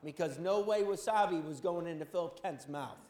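A middle-aged male pastor preaches in a high voice. He swings between loud, fervent exhortation and quiet asides, and the sound rings around an echoey room. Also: fairly quick. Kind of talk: sermon.

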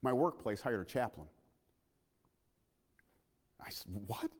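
A man preaching a sermon in a church, impassioned, swinging from loud calls to hushed asides and asking his listeners questions. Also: fairly high pitch, big pitch swings, a little fast, long reverb tail.

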